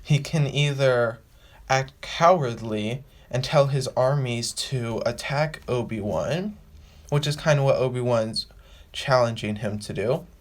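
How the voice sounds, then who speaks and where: A man's voice: mid-range voice, unhurried. A man hosting a casual fan explainer, rambling and restarting, and repeating phrases as he works through his point. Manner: acts out quoted lines with a raised voice. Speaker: fan video host.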